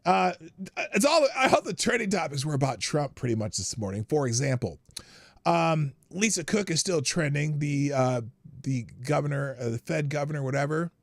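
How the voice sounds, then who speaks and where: Older male host, gravelly, lively pitch, dry close mic, casual news commentary. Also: moderate pace, no echo. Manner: chatty, laughs often, reads articles aloud with asides.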